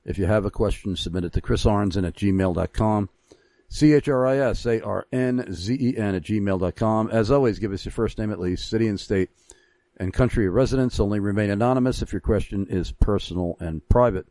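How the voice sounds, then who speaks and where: A man hosting a Christian radio interview show, reading an ad and then questioning his guest with measured, halting phrasing. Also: fairly low pitch, dark tone, dry recording.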